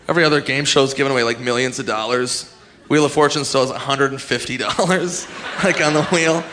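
A man doing a stand-up comedy set, swinging into loud shouted impressions. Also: medium pitch, brisk. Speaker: stand-up comic.

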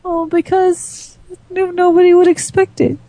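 High-voiced playful woman co-host. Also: little pitch movement, measured pace, warm tone, no echo, rough recording. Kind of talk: casual banter.

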